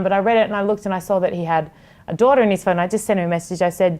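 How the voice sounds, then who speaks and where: Woman in her thirties, TV host, candid and passionate, swears, lowish voice, casual podcast chat. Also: fairly even intonation, fast, a little mellow. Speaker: TV sports host, guest.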